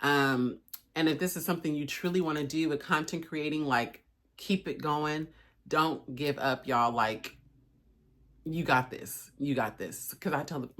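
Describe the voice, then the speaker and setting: Low-voiced chatty woman vlogger. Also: a bit bright. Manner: chatty, encouraging, says y'all a lot; emotional, voice cracking at times. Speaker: lifestyle vlogger. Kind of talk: casual motivational vlog talk.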